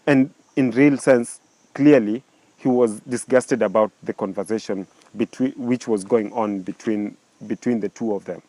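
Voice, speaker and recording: A man's voice: on the low side, fairly even intonation, a little slow, warm tone, dry recording. A man telling a story casually, with many restarts and rhetorical questions.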